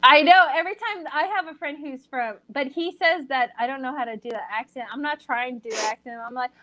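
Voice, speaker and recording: A woman's voice: high voice, brisk, dry recording. A woman on a casual group call, telling stories playfully with plenty of back-and-forth. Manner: playful, animated storytelling. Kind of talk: casual chat.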